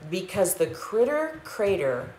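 A woman hosting a live storytime, reading a picture book aloud to children as a playful, animated storyteller. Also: mid-range voice, takes it slowly. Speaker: storytime host and mother. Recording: echoey room with faint hiss.

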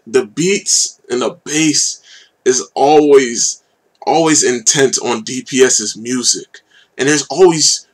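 Role: man hosting reactions, rambling chat. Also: medium pitch. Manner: enthusiastic, loose and rambling. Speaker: reaction video host. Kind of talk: casual chat.

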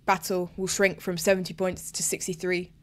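A woman's voice: fairly low pitch, little pitch movement, normal speed. A young woman giving a live, emotional, chatty reaction commentary while watching a race.

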